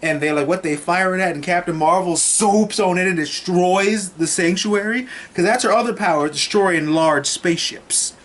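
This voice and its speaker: A man recapping a film in a casual, excited, profane and rambling way as a movie reviewer. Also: high voice, normal speed, few pauses.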